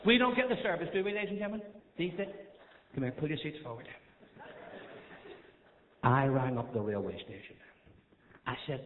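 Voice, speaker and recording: A man with a Northern Irish accent doing stand-up one-liners on a theatre stage, chatty and coaxing the crowd between rapid gags. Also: fairly high pitch. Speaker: stand-up comedian. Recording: echoey theatre, tinny thin sound, noisy. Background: audience laughter.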